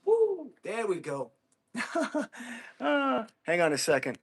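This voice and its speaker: Male streamer mid-workout, high voice, loud whoops, blunt and combative. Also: a little slow. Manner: energetic, whooping, talking to chat between hits; blunt and combative toward trolls. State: exerting himself while hitting a ball. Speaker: livestreamer. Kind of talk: casual livestream chat while training.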